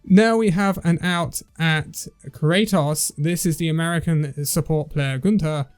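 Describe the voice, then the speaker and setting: A man's voice: a little high, unhurried, clear, resonant tone. A man hosting a casual esports news roundup, chatty and tripping over player names as he reads through the list.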